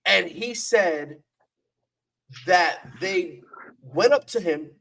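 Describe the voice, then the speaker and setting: A man's voice: high-pitched, lively intonation, extremely slow, creaky, crowd noise, low-quality recording. A man co-hosting a sports podcast, talking in a playful, repetitive trash-talk style. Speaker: podcast co-host. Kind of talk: casual sports chat.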